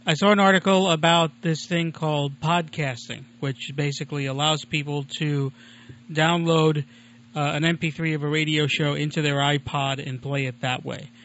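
A man's voice: fairly high pitch, steady tone, normal speed, a bit bright. Rambling chatty male podcast host. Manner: chatty, digressive, self-deprecating. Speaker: radio show host. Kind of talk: casual rambling monologue. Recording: lo-fi muffled recording.

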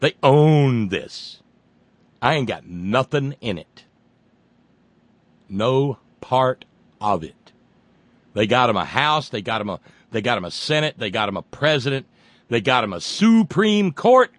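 A man's voice: medium pitch, expressive, a little slow, long pauses, no room sound. Southern American man, political commentator, profane and sarcastic monologue, dry recording. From Southern United States. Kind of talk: monologue rant.

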